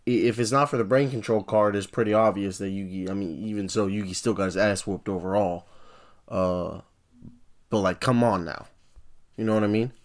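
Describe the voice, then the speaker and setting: A young man with a slightly low-pitched voice co-hosts a casual podcast. He rambles in a laid-back, slangy way. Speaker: podcast co-host. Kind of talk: casual chat.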